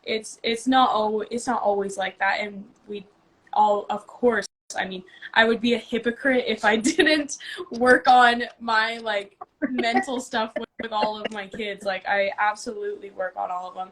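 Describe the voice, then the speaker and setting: A woman with a medium-pitched, steady, fairly bright voice speaks at a moderate pace, with a little hiss or hum in the recording. She co-hosts a casual live-stream chat and coaches youth basketball, talking earnestly and thinking aloud about coaching a kids' team.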